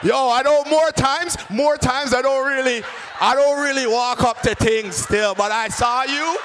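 Man doing a cocky street flirt, slangy, loud, high voice, faint room noise. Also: unhurried. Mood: swaggering. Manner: loud, slangy, pitched-up swagger.

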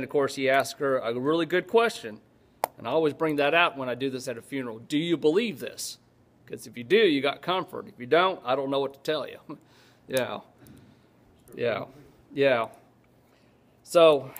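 A man preaches a Bible lesson in an easy, talkative way. His voice sits a little high for a man. He wanders off on asides and keeps checking that the congregation is with him. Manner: conversational, digressive, checks in with the congregation. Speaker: pastor. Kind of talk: Bible teaching sermon.

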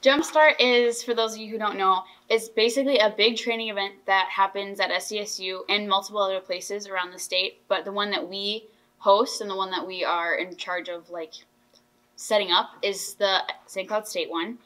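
A woman's voice: mid-range voice, fairly even intonation, normal speed, a bit bright, poor audio. A teenage girl hosting a school team podcast in casual chat, earnest and enthusiastic, often restarting her sentences. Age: teens. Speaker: podcast host.

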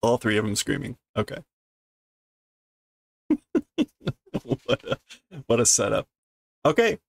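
A man reads a comic aloud on stream with a gravelly edge to his voice, talking slowly and swinging widely in pitch. He is amused and explains the story as he goes. The sound is dry and close. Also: huge pitch swings, dry recording. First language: English. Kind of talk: casual read-through with commentary.

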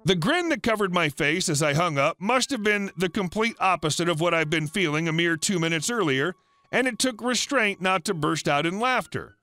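A man reading a first-person story aloud as a scripted narration, in a flat deadpan storytelling manner. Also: high voice, normal speed, dry recording.

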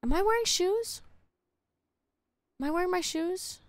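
Bright, animated young woman streamer. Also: extremely high pitch, unhurried, no room sound. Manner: exasperated, swearing, yelling at chat. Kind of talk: live game streaming.

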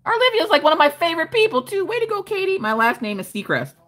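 A bawdy, jokey woman chats through a late-night crafting livestream from her desk at home. Her voice has a bright, forward tone that leaps up and down in pitch. She reads viewer comments aloud and laughs easily between them. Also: sing-song, fast. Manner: loud, bawdy and joking, laughs often. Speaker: livestream host. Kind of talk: casual livestream chat, reading out viewer comments.

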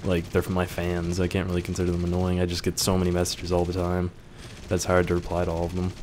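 A man's voice: low voice, monotone, fast, darkish tone, a little hiss or hum. A young man reading viewer questions aloud and answering them in a casual, joking way, swearing now and then.

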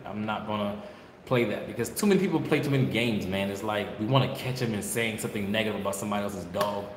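A man's voice: fairly low pitch, fast. A man who breeds dogs, talking casually and bluntly, scolding viewers and repeating his points. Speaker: dog breeder. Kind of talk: casual vlog talk. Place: kennel with dogs barking behind. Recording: echoey room, noisy background.

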